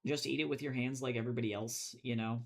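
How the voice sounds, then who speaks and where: A man's voice: medium pitch, steady tone, fast, creaky. A man from the United States ranting casually and profanely while drawing comics on a livestream, full of filler words, at a desk at home. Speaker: comic artist streaming.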